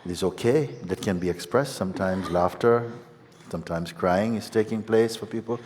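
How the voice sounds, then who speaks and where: A man giving a satsang teaching as a spiritual teacher, gentle and unhurried, often breaking into laughter. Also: on the low side, a little hiss or hum. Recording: long hall reverb with faint ambience.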